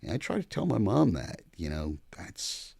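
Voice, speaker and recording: An older man, a podcast guest, telling stories in a blunt, profane, animated way. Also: low voice, normal speed, creaky, breathy edge, no room sound, clean studio sound. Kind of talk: casual storytelling chat.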